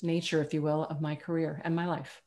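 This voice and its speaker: A woman telling personal stories as a panel guest, animated and acting out the dialogue she quotes. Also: low voice, fairly quick.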